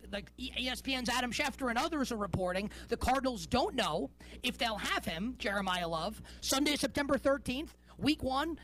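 A woman's voice: on the high side, fairly bright tone, rough recording. A woman in her thirties delivers a sports talk show monologue. She rambles, sounds incredulous, and hits key words hard.

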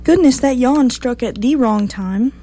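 A woman's voice: on the high side, slight background noise. A woman hosting a morning radio show, talking casually and a little tiredly. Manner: relaxed, unhurried, a little tired. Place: radio studio.

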